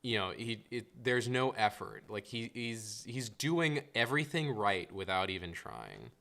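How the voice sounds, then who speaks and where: A man's voice: fairly low pitch, sing-song, measured pace, vocal fry, bright, forceful tone. A man co-hosting a podcast in casual chat, rambling and laughing often with lots of fillers. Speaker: podcast co-host.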